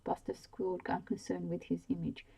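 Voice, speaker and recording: Bedtime ASMR reader, woman: low, husky, flat delivery, slow and hushed. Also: rough recording. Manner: slow, hushed reading of a novel. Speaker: storyteller. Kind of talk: soft-spoken ASMR bedtime reading.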